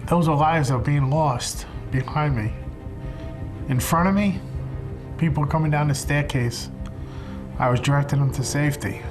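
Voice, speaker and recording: A firefighter recalls events in an interview. He speaks reflectively and haltingly, pausing and repeating himself, with music clearly behind him. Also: fairly high pitch. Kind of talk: interview testimony.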